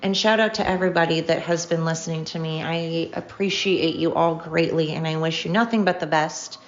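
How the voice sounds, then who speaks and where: A woman's voice: sits low, steady tone, brisk. A middle-aged woman hosting her own podcast, talking in a rambling, chatty, upbeat way. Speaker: podcast host. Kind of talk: casual solo podcast monologue. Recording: dull lo-fi home recording.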